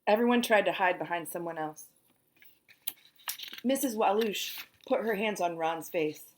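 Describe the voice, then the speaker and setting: A woman reading a children's book aloud, animated and singing out the sound effects herself. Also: lowish voice, measured pace, slight background noise. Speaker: storyteller.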